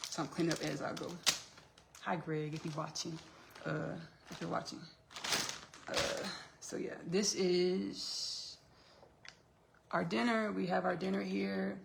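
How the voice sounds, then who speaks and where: A woman's voice: on the low side, fairly even intonation, unhurried, gravelly, long pauses, noisy background. A woman from Texas chatting on a casual live stream while cooking in her home kitchen, calling her listeners "baby" and laughing often.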